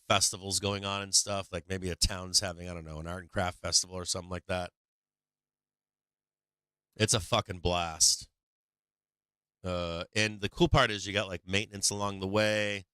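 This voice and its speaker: A man's voice: sits low, bright, forceful tone, clear, resonant tone, dry recording. An older man hosting a stock market livestream, talking casually with lots of swearing and laughter. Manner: profane, laughing, rambling.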